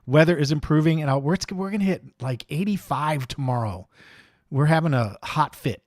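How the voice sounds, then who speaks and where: An upbeat man hosts a live hobby stream from his desk, talking casually and warmly greeting each viewer by name. His voice sits a little high for a man. The sound is close and dry, with almost no room around it. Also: lively intonation, moderate pace, no echo. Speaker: host of a live RC hobby show. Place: home studio desk.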